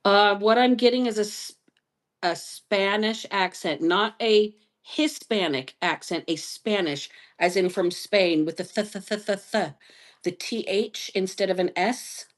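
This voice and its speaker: A woman hosting a live stream psychic reading, talking slowly and musingly and spelling out letters as she goes. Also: medium pitch. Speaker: psychic reader.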